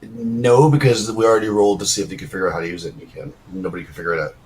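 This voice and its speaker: A man's voice: fairly low pitch, steady tone, very fast, darkish tone, slight background noise, low-quality recording. A man running a tabletop game as game master, giving loose, chatty rulings with many fillers.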